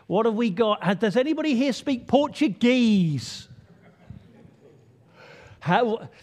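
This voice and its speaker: A man leading an all-age church talk, playful and chatty, drawing the congregation in. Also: high-pitched. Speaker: church leader. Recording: long hall reverb.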